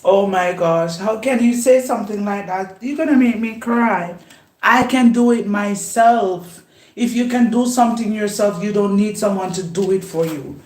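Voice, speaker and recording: A woman vlogger chatting casually while she cooks, unhurried, laughing often and talking herself up. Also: mid-range voice, warm tone. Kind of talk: casual chat while cooking. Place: home kitchen. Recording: roomy echo.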